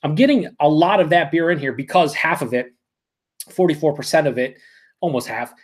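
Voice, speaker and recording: Excitable man reviewing beer. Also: on the high side, brisk. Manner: excitable, profane, emphatic. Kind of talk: live-stream beer review.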